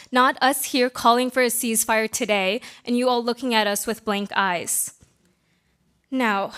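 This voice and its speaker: A young woman with a high voice speaks at a council chamber podium. She is impassioned and accusatory, and her pleading rises as she goes on. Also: fairly bright tone, smooth. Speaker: public commenter. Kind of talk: public comment speech.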